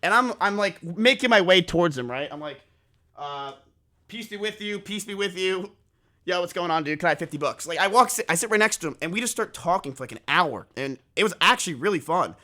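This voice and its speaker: A young man streaming, telling a story to his chat in a casual, animated way with plenty of swearing and self-mockery. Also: high voice, fast talker, hardly any pauses.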